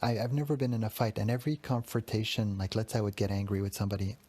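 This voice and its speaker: Man, solo podcast confession, husky raspy voice, harsh on himself, swears a lot. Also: on the low side, flat delivery, very fast, darkish tone. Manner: raw, self-critical, swears often. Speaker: podcast host.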